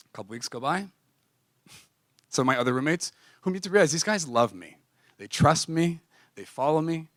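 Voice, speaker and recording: A young adult man preaching, telling a personal story in an animated, confessional way and acting out dialogue. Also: mid-range voice, a little fast, long pauses, dry recording. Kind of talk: storytelling sermon.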